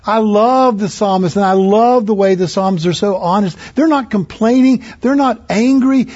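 A man's voice: high-pitched, lively intonation, moderate pace, a little mellow. A man preaching a sermon in an earnest, conversational way, often rising for emphasis. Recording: muffled lo-fi recording.

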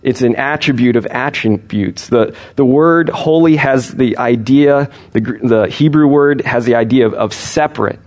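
A man preaching a sermon, explaining scripture in an earnest, steady teaching manner with frequent restarts. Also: mid-range voice, normal speed, hardly any pauses.

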